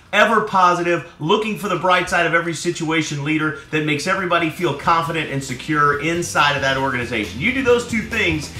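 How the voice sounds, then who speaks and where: A man's voice: fairly high pitch, bright, forceful tone. A man giving a conversational motivational talk on leadership, often checking in with "right?", in an echoey room. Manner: conversational, peppers lines with "right?". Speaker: motivational speaker.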